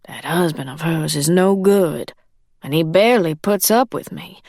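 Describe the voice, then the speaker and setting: Woman doing a loyal older maid, deferential dialect talk, slow dry delivery. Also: sits low, darkish tone, dry recording. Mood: pleading. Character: loyal older female housekeeper, pleading.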